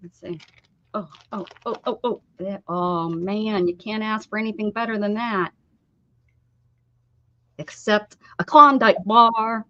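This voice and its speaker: A woman speaks slowly with frequent pauses and fairly even intonation in a mid-range voice. She's hosting a craft livestream, casually chatting with viewers while crafting, laughing often and greeting them by name, all in dull lo-fi audio.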